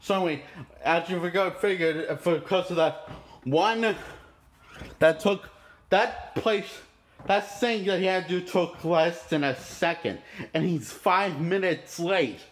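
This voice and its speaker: A man's voice: high-pitched, a little slow. A man reviewing a movie in an indignant, profane, rambling rant. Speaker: movie critic.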